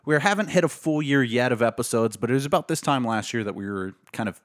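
A man's voice: mid-range voice, lively intonation, fast talker, dry recording. Easygoing man co-host, dry close sound. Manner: easygoing, rambling. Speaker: podcast co-host. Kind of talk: casual podcast chat.

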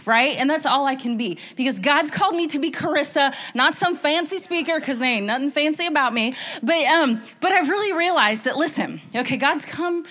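A woman's voice: high-pitched, animated, brisk, fairly bright tone. A middle-aged woman giving a candid, emotional church testimony, rambling with restarts. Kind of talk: testimony sermon.

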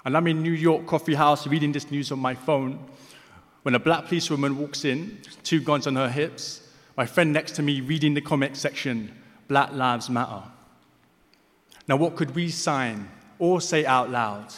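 A deaf man performing spoken word poetry on stage, with slightly slurred speech, moving between rhythmic recitation and soft, hesitant asides to the audience. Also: fairly high pitch, moderate pace. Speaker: poet performing. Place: large hall on stage. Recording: live hall reverb.

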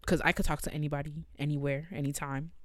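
A woman who co-hosts a podcast and teaches orchestra, telling stories in casual chat with an animated, exasperated delivery. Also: fast, no echo, clean studio sound. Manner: animated, exasperated storytelling with sudden jumps in pitch.

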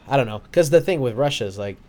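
Podcast host, young man, average pitch, rambling casual delivery. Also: animated, moderate pace, darkish tone. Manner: rambling, hesitant restarts, laughs often.

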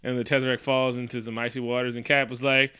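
A man casually recapping a movie with a friend, animated and acting out the characters in quick quoted voices, laughing often. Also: medium pitch, clean tone.

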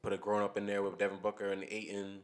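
A man with a fairly low voice talks sports on a podcast in a loose, rambling way. He restarts sentences and works his ideas out aloud as he goes. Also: monotone, fast. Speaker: podcast co-host. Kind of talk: casual sports talk.

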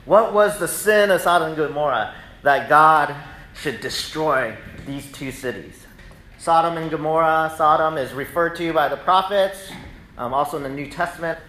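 A man preaching a sermon in a relaxed, conversational way, telling animated stories to the congregation. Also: on the high side, moderate pace, echoey room, poor audio. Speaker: pastor. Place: church sanctuary.

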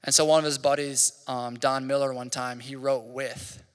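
A man's voice: mid-range voice, little pitch movement, moderate pace, clear, resonant tone. A man in his thirties giving a casual, conversational sermon as a pastor, rambling with lots of "like". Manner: casual, rambling, heavy use of "like". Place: church hall. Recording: long hall reverb.

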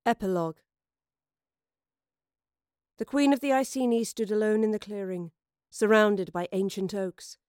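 A woman narrating an audio drama in a measured, dramatic storytelling manner. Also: mid-range voice, darkish tone, no room sound, studio quality.

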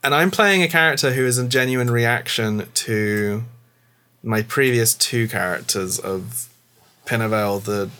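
Rambling man with a bright voice. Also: medium pitch, unhurried. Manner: rambling, lots of filler words. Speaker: tabletop game player and game master. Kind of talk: casual podcast chat.

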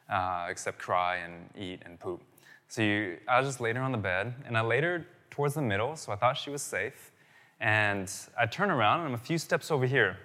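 A man's voice: fairly low pitch, pushed and bright, in a large hall. A man in his thirties preaching a sermon as pastor, telling stories in a casual, conversational way and often asking "right?". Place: church.

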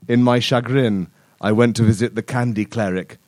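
A man telling a crude improvised comic story at a live show, deadpan and often laughing. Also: medium pitch, a little slow, no echo.

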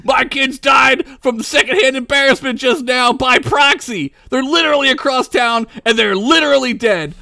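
A man voicing an outraged male nobleman who shouts in a high, near-sobbing voice in a comedy fantasy story. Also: moderate pace, vocal fry, few pauses, no echo, heavily acted.

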